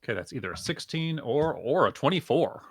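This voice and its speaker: A man's voice: medium pitch, big pitch swings, brisk. A man playing a tabletop game, talking casually and a little hesitantly. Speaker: player.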